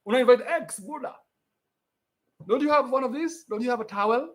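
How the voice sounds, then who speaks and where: A man with a Kenyan accent hosting a podcast, ranting in a mocking, animated way and swearing freely. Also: very high voice, brisk. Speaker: podcast host. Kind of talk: ranting commentary.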